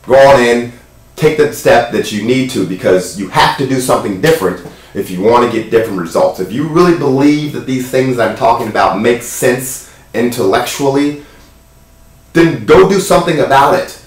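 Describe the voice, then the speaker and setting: A man giving an animated, jokey spoken account in a casual vlog. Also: medium pitch, moderate pace, echoey room, far from the mic, poor audio. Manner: animated, chatty storytelling with jokes. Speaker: wellness vlogger.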